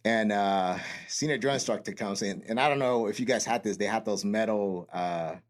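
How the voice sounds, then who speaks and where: A man's voice: on the low side, normal speed. A man and Marine veteran telling a boot camp story in casual, profane podcast chat, acting out the quotes.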